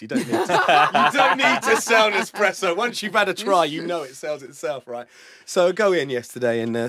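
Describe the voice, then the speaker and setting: A man's voice: a little high, a bit bright, no echo, clean studio sound. A man co-hosting breakfast radio, telling a self-mocking story in casual chat. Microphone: studio microphone.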